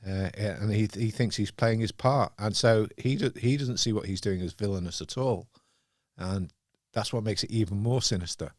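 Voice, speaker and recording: A man's voice: lowish voice, normal speed, darkish tone, no room sound, clean studio sound. A man hosting a casual film podcast, talking in a reflective way and often searching for words. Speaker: podcast host.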